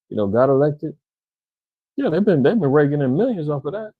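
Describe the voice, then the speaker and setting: Mellow-voiced man ranting casually. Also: mid-range voice, dry recording, poor audio. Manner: conversational, rambling, slangy, addresses viewers directly. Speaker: vlogger commentator. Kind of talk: casual commentary monologue.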